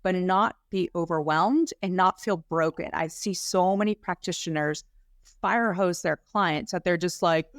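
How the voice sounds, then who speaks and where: A woman practitioner speaking as an interview guest, excited and fired up, with frequent "like" fillers. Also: fairly low pitch, a little slow, no room sound, studio quality. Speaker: guest health practitioner and educator. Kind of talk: casual interview talk.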